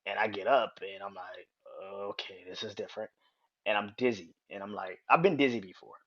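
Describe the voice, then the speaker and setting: Low-voiced man telling a rambling story. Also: a little fast, fairly bright tone. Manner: rambling, repetitive, swears freely, chuckles often. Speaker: podcast host. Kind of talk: casual personal storytelling. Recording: dull lo-fi sound.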